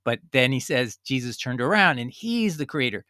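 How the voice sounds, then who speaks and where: Bright-voiced man teaching the Bible. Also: medium pitch, expressive, normal speed, no room sound, clean studio sound. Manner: conversational, earnest, reads scripture aloud and explains. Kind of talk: informal Bible study talk.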